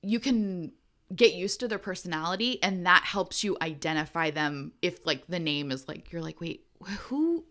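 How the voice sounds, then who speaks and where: A woman's voice: fairly low pitch, moderate pace, bright, forceful tone. A woman co-hosting a podcast in casual chat, talking in a chatty, rambling way and laughing often. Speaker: podcast co-host. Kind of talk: casual book-club chat.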